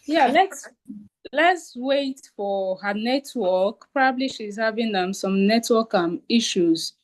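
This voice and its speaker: Woman moderator, fairly high voice, upbeat prompting of the audience. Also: animated, slow pace. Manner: encouraging, urges the audience to respond. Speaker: session moderator. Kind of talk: hosting an online session.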